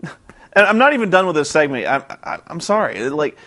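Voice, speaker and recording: A man's voice: on the high side, sing-song, normal speed, bright, forceful tone. A young man vlogging about a wrestling show, exasperated and sarcastic, rambling with restarts. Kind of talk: casual ranting commentary.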